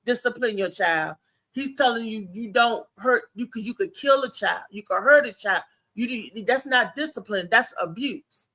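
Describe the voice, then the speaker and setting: A woman hosting a casual talk show, telling animated family stories with frequent laughter. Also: on the high side, moderate pace. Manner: animated storytelling, laughs often. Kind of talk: casual chat.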